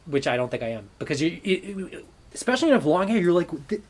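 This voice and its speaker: A young man as a podcast guest in casual chat, halting and sarcastic with many restarts. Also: fairly high pitch, very animated.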